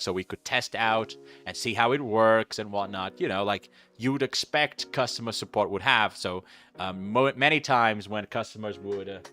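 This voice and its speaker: Male streamer, casual chat, bright tense voice, rambling, self-correcting, faint background music. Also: lowish voice. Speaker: VTuber streamer.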